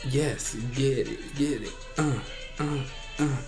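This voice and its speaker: A man hosting a reaction video, gushing with excitement and often breaking into shrieks and squeals. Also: mid-range voice, slow pace, faint music behind. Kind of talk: excited fan reaction commentary.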